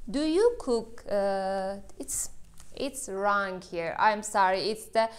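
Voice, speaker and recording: A woman's voice: medium pitch, animated, takes it slowly. A woman teaching an English grammar lesson on video, speaking non-native English with many "uh" fillers and a checking "yes?" after points.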